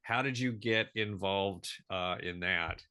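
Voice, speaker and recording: A man hosting an interview, asking his guest questions in a measured, unhurried way. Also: sits low, sharp tone, smooth. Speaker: interview host.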